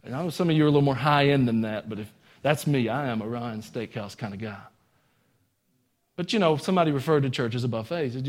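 A man preaching a sermon in a folksy way, rising to high exclamations. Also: fast.

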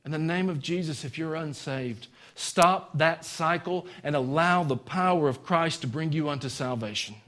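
A man preaching a sermon in a folksy way, rising to high exclamations. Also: normal speed, hardly any pauses, fairly bright tone.

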